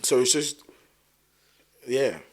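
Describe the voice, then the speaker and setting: A man with a London accent, chatting casually as a podcast guest and telling stories in an animated way, full of fillers. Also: medium pitch, takes it slowly. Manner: animated storyteller with many fillers. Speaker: podcast guest, content creator. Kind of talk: casual chat.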